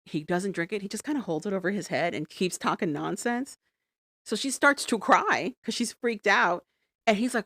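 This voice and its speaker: A woman's voice: mid-range voice, normal speed, no room sound, clean studio sound. A woman co-hosting a podcast, casually recapping a reality show and acting out the lines people said. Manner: animated storytelling, acts out quotes. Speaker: podcast co-host.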